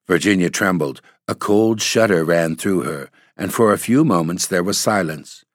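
A man with a very deep voice reads a classic story aloud, steady and measured. The recording is close and dry, with no room around him. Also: dry recording. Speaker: narrator. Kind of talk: storybook reading.

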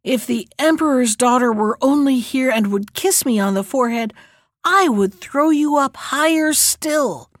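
A woman voicing a bold young prince who taunts a dragon slowly and defiantly. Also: sits high, dry recording, clean studio sound. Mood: mocking.

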